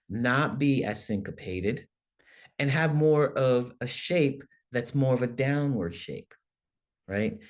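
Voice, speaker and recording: A man, a songwriting professor, giving a conversational workshop lecture, often checking in with "right?" and acting out examples in different voices. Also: medium pitch. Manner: animated, demonstrates with acted-out voices.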